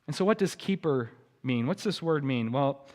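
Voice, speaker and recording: A male pastor preaching a sermon, shifting from quiet explanation to loud emphatic warnings and speaking at times to the children. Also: medium pitch, expressive, normal speed, long reverb tail. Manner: addresses children in the congregation. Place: church sanctuary.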